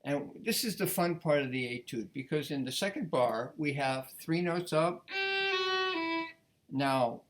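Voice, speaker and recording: A man giving a casual violin lesson, talking in a relaxed, rambling way with frequent restarts. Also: medium pitch, measured pace, soft background music. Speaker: violin teacher.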